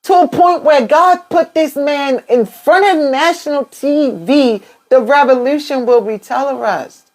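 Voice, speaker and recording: A young adult woman speaking as a tarot reader on a casual live stream, her voice sitting a bit high. She tells her story with spirited quoted asides and blunt swearing. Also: a little slow.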